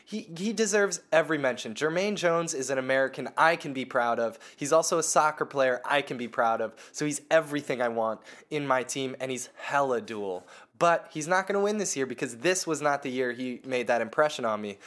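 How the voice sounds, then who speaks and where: A man's voice: mid-range voice, expressive, brisk, hardly any pauses, a bit bright. Profane, laughing podcast co-host man. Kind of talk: casual comedic chat.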